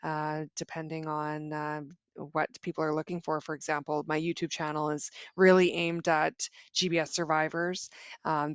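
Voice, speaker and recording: A woman's voice: low-pitched, no room sound. A woman in her thirties, a guest on an interview, speaking earnestly and reflectively with many restarts. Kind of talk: casual interview.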